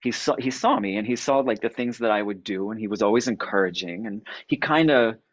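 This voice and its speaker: Low guy telling his life story, stops and restarts a lot, dry kinda dull mic. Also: dry recording. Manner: halting, repeats words, light laughs. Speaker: podcast guest. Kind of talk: personal storytelling.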